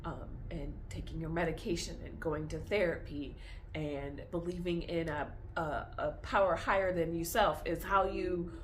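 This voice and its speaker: A woman's voice: fairly low pitch, slight background noise. A young woman talks candidly in a personal vlog, confessional and tearful, laughing through tears as her feelings swing back and forth. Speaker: vlogger.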